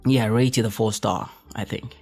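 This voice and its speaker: A man's voice: lowish voice, fairly even intonation, moderate pace, a little mellow, slightly rough, soft background music. A young man hosts a casual solo podcast, rambling and correcting himself as he goes. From West Africa. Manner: rambling, self-correcting, joking, exclaims in quoted reactions. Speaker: podcast host.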